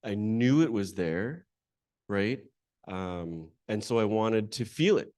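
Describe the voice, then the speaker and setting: A man's voice: lowish voice, animated, slow pace, a little mellow, no room sound, studio quality. A man emceeing a conference, introducing a panel and then telling a candid, self-deprecating personal story to a live audience in a conversational way. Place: conference hall.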